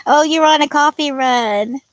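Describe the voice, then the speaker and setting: A woman's voice: sits high, dry recording, rough recording. Giggly chatty woman reading viewer comments. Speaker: livestream host. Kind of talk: casual livestream chat reading viewer comments.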